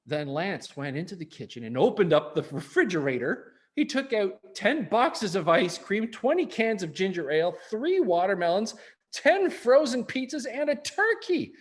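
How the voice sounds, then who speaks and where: A man's voice: sits high, big pitch swings, normal speed. A man reading a picture book aloud to young children, with chuckling asides. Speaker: early-years program reader.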